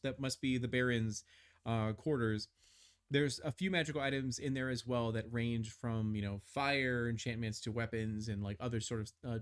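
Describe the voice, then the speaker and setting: A man's voice: medium pitch, clean tone. A man running a tabletop game as game master, describing scenes with many fillers and restarts.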